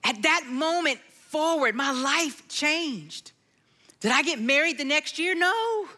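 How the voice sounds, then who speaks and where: A middle-aged woman sharing a personal testimony in a sermon, telling her story and dropping to a hushed, near-sung tone at times. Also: high voice, animated, takes it slowly. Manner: storytelling, drops to a hushed tone, sings lyric lines softly. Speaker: speaker at a church gathering.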